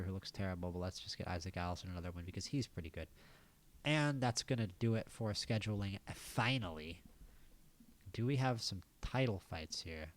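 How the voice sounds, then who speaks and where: An American man with a fairly low voice talks through a game in a relaxed, offhand way. He thinks aloud as he plays, dropping wry little asides. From United States. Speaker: gaming channel host. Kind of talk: casual gameplay commentary.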